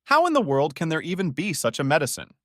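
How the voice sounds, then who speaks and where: A man voicing a gentle, curious young girl in a recap story. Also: a little high, wildly swooping pitch, quick pace, no echo, clean studio sound, voice pushed up.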